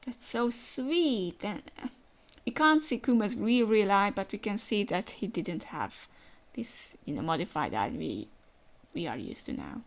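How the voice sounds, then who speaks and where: Slow-talking young woman reacting to a comic. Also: medium pitch, expressive. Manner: reads dialogue aloud between short reactions. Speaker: manga reaction vlogger. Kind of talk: reading comic pages aloud and reacting.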